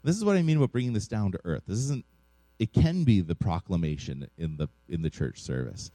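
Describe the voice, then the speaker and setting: A pastor in his thirties delivers an informal, conversational sermon, weaving personal stories into his teaching with self-deprecating humor and frequent "right?" asides. His deep voice is dark in tone, swings widely in pitch, and moves a little fast, with no echo.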